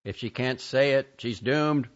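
A man voicing a bossy, goading inner voice that taunts and pushes in a loud, mocking way, from a dull lo-fi audiobook recording. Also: mid-range voice, unhurried, pitched above the performer's own voice, natural voice. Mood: taunting.

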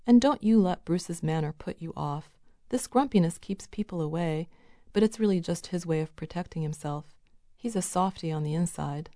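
A woman reading the lines of a calm middle-aged wife and social worker with a soothing, smooth manner. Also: lowish voice, moderate pace, dry recording, clean studio sound, close to an everyday voice.

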